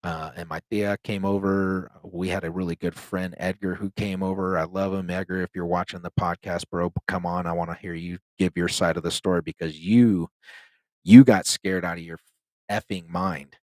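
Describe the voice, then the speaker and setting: A deep-voiced man tells a ghost story in a loose, rambling way, filling his sentences with "like" and "um." His voice is low, and it sounds dry and close to the microphone, with no room echo. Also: fairly even intonation, moderate pace, a little mellow. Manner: loose and rambling, heavy use of "like" and "um". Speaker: podcast host telling a ghost story. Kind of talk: casual storytelling.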